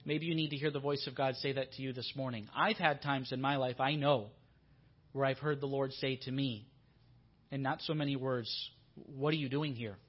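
A man's voice: mid-range voice, steady tone, moderate pace, muffled recording. A man preaching a sermon in a church, earnest and given to repeating his questions for emphasis.

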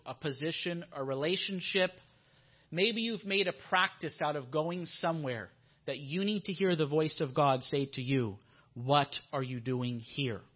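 A man preaching a sermon in a church, with a fairly high voice. He sounds earnest and often repeats his questions for emphasis. The audio is dull and lo-fi. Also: husky.

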